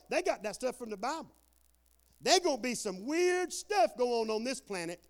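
A man preaching a lively sermon as pastor, folksy and whooping, with shouted outbursts. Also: very high voice.

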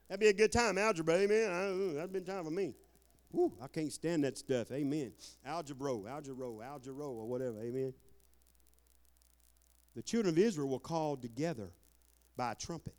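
A man preaching a lively sermon as pastor, folksy and whooping, with shouted outbursts. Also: high voice, fairly quick.

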